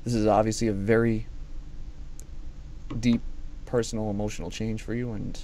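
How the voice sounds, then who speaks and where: A man's voice: on the low side, little pitch movement, moderate pace, warm tone, a little hiss or hum. A man interviewing a gym member, earnest and encouraging, often framing questions with "let's say". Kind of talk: friendly recorded interview.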